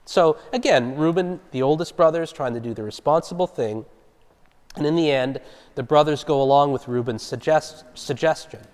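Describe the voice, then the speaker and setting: A man's voice: fairly high pitch, moderate pace, a little mellow. Man teaching a Bible study in a reverberant hall. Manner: conversational, explaining and asking the group questions. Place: church hall. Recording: long reverb of a large hall.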